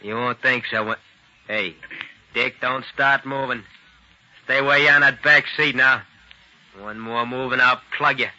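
A man's voice: medium pitch, steady tone, a little slow, long pauses, bright, forceful tone, no echo. A cruel gangster henchman. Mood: menacing. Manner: rough, sneering tough talk. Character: trigger-happy gangster henchman, cruel and eager. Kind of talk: 1940s radio acting. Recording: lo-fi old radio recording.

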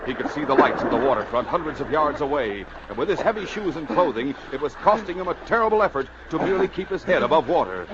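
A man's voice: on the high side, sing-song, fast talker, few pauses. A man narrating a radio adventure drama with urgent, suspenseful delivery. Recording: muffled old radio recording with hiss.

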